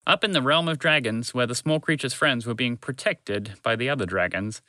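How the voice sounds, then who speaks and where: A man narrating a children's story to listeners in a gentle, unhurried, expressive way. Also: mid-range voice, no room sound.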